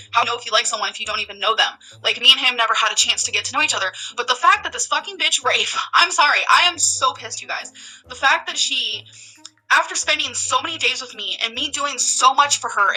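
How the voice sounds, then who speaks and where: A vlogger rants heatedly while telling a story, stressing her points and filling the gaps with plenty of "like" and "um." The audio is poor, and her voice sits on the high side, sounding pushed and bright.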